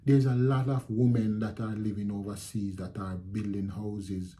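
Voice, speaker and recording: A middle-aged Jamaican man telling his viewers a story in a casual, animated way, repeating phrases and acting out what people said. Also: fairly low pitch, moderate pace. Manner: animated retelling with repeated phrases and quoted speech. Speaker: channel host telling a story.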